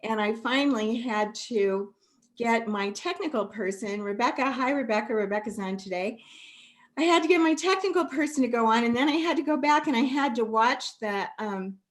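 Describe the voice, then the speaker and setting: A woman's voice: a little high, expressive, normal speed. A woman hosting a masterclass over a video call, talking affectionately and getting emotional, calling the listener sweetie and honey. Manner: warm, affectionate, tearful at times. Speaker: masterclass host. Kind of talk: live video call talk.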